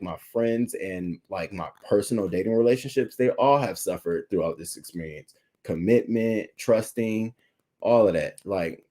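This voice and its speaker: A man's voice: lowish voice, a little mellow. A young adult man hosting a livestream, talking candidly and emotionally to his chat, holding back tears and thanking viewers by name. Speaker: YouTube livestream host.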